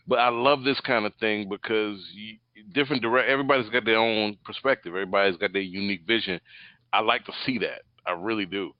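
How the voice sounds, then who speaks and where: A man on a movie podcast thinks out loud, circling back with many hesitations. His voice is fairly low. The recording is dull and dry. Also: steady tone, quick pace, no room sound. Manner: rambling and thoughtful, many "uh"s and restarts. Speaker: podcast co-host. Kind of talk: casual movie podcast chat.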